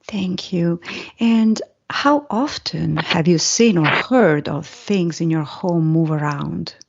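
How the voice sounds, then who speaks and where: A woman's voice: on the low side, slow pace, gravelly, highs cut off. A woman interviewer asking short prepared questions in a brief, polite way.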